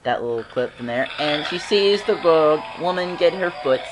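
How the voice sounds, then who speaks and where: An excitable fan recaps a TV episode in a loose, chatty vlog. The delivery rambles and restarts, with frequent throat clearing and little laughs. The speaker keeps slipping into the characters' lines. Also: mid-range voice, moderate pace, noisy background.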